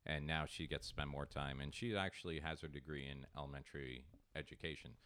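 A man's voice: rumbling low, fairly even intonation, a little fast, fairly bright tone, clear, resonant tone. A man in his thirties, co-hosting a casual podcast chat, telling jokey stories with swearing and laughter. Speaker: podcast co-host.

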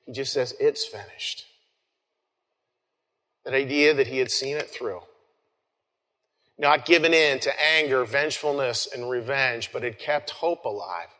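A man preaching an Easter sermon as pastor, talking conversationally with frequent restarts and soft trailing phrases. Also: medium pitch, moderate pace. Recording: long hall reverb.

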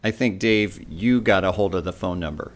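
A man's voice: low-pitched, moderate pace. A man, a radio host, chatting casually and asking easygoing, teasing questions. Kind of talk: casual interview chat.

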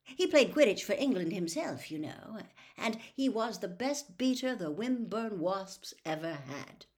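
A woman voicing a cheerful, nervous middle-aged wizard father who fusses and speaks brightly. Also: medium pitch, animated, unhurried, pitched above the performer's own voice, close to an everyday voice. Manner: bright, flustered, fussing.

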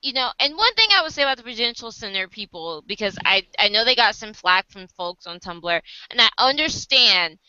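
A woman's voice: a little high, sing-song, fairly quick, hardly any pauses, bright, forceful tone, clear, resonant tone, no echo, muffled recording. An American woman casually telling a story to camera, acting out other people's lines and laughing often. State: sleep deprived. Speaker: vlogger.

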